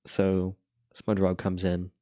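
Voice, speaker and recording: A man's voice: low-pitched, completely flat delivery, measured pace, mellow, dry recording, clean studio sound. A man chatting casually while drawing, retelling a cartoon episode in a laid-back, rambling way.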